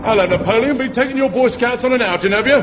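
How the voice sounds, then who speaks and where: A brash mocking air raid warden. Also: male voice, very high voice, fast talker. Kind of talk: 1960s radio comedy acting. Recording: muffled old radio recording with hiss.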